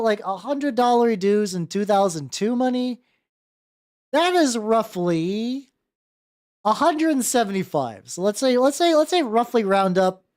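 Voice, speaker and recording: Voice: medium pitch, darkish tone. A streamer chatting casually about a tabletop game, rambling off on tangents, restarting sentences and swearing freely. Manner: greets chat viewers mid-flow. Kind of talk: casual live-stream chat.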